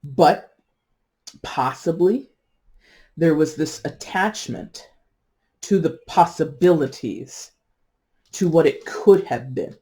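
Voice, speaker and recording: A tarot reader talks through a spread in a warm, mellow voice. The delivery is loose and chatty, full of "you know"s and side remarks, with laughter at their own jokes. Important words are drawn out slowly for stress. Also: mid-range voice. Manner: chatty and digressive, with frequent asides and "you know". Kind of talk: casual tarot reading monologue.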